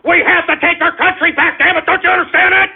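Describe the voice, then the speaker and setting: A man hosting a political talk radio show, ranting with passion and profanity and often shouting at his listeners. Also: very high-pitched, steady tone, fast talker. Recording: narrow phone-like lo-fi audio.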